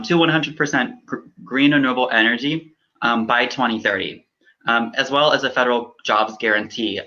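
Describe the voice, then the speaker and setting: A young man, a political candidate, speaking earnestly in an interview, with many halting ums. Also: medium pitch, sharp tone, lo-fi sound. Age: young adult. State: choked up.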